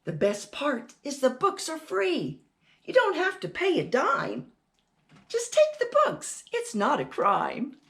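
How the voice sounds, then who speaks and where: A friendly librarian welcomes children in a storybook tale, voiced by a woman. She sounds bubbly and sing-song, her fairly high voice bouncing all over. She takes her time with each word. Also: huge pitch swings, takes it slowly, gravelly, a bit bright, heavily acted. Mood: cheerful. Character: friendly cheerful female librarian.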